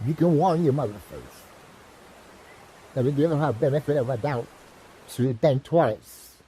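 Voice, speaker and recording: A man's voice: mid-range voice, normal speed, long pauses, dark tone, husky, poor audio. A man delivering an impassioned, profane monologue, lecturing like a teacher and repeating "you know what I mean". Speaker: self-styled teacher vlogger.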